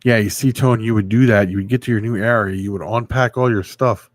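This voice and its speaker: A man's voice: lowish voice, steady tone, brisk, no echo. A man hosting a casual livestream, answering viewers and rambling through a story. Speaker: livestream host.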